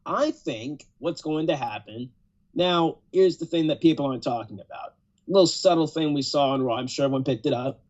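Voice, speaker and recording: A man's voice: a little high, brisk, darkish tone. Laid-back male podcast host. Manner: laid-back, laughing, "yes sir" affirmations. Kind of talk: casual chat. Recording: dull lo-fi.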